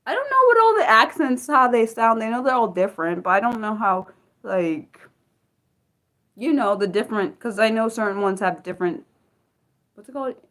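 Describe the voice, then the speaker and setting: A woman's voice: fairly high pitch, expressive, normal speed, fairly bright tone. A woman hosting an unscripted livestream, rambling casually with many fillers and restarts as she answers her chat. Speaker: livestream host.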